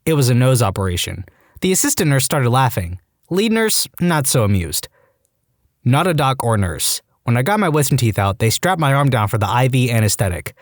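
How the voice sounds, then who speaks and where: Using a medium-pitched voice at a moderate pace, this man narrates scripted online stories with lively energy, performing quotes in different voices. It's a dry recording with clean studio sound.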